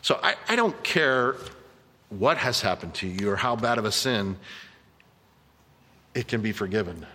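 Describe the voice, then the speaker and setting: A man's voice: lowish voice, lively intonation, measured pace, pauses often, pushed and bright, breathy edge, in a large hall. A man preaching a sermon as a pastor, telling a story earnestly and emphatically to his congregation. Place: church sanctuary.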